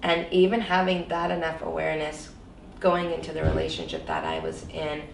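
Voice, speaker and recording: Speaking fairly quickly, a woman interview guest relates her personal experiences in an earnest, thoughtful way, often saying "you know." Her low voice is expressive with vocal fry. The distant, slightly off-mic recording has roomy echo, faint background ambience and a little hiss or hum.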